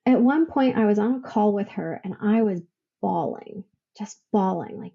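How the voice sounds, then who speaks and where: A woman's voice: medium pitch, moderate pace, gravelly, lo-fi sound. A woman podcast guest telling a personal story in a casual interview, emotional and laughing often as she quotes others. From Idaho, United States. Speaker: podcast guest, veteran business owner.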